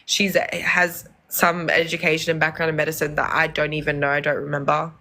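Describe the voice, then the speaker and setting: A young woman from Lebanon telling animated stories in casual chat, acting out the people she quotes. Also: low voice, fairly quick. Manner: animated, acts out voices in quoted dialogue. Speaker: podcast guest. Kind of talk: casual storytelling.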